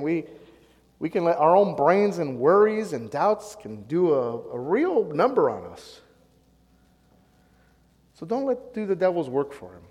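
A male pastor delivers a sermon in a fairly high voice, putting questions to his congregation and answering them himself. He swings between loud, pressing emphasis and quiet, low asides. His voice carries a long reverb from the hall. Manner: call-and-response preaching, rising and falling emphasis.

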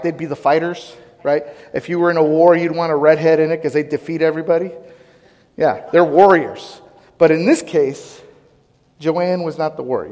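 Male preacher, higher voice, chatty storytelling sermon, big hall reverb. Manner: animated storytelling, questions to the congregation. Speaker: pastor.

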